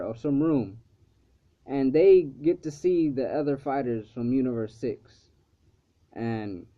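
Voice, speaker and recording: Rambling man recapping an episode. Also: mid-range voice. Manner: rambling, full of "like" and "um", swears freely. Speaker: episode reviewer. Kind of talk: casual recap of a cartoon episode. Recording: slightly dull lo-fi recording.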